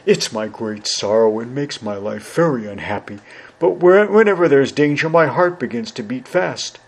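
A man's voice: mid-range voice, lively intonation, moderate pace. A man reading aloud, voicing a huge but timid male lion who stammers and speaks sorrowfully, from a storybook. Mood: mournful. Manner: loud, stammering, mournful.

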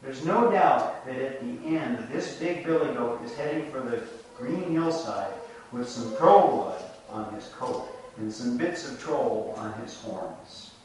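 Speaking at medium pitch with a slightly mellow quality, a man preaches a reflective sermon, telling a folk tale and pulling lessons from it in calm, measured fashion. The audio comes from a distant mic in an echoey room and carries slight background noise.

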